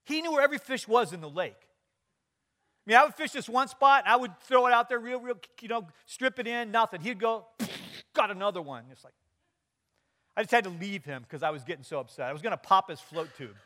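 A man's voice: extremely high pitch, lively intonation, fairly quick, pushed and bright. A middle-aged man preaching a sermon, telling stories with quoted dialogue and light humor. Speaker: pastor.

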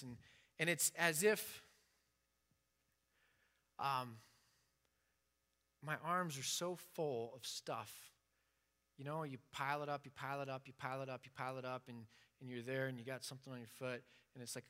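A man's voice: mid-range voice, fairly even intonation, normal speed, pauses often, sharp tone. A man giving an informal sermon with passion, acting out the prayers he quotes. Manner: impassioned, acts out quoted prayers. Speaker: preacher.

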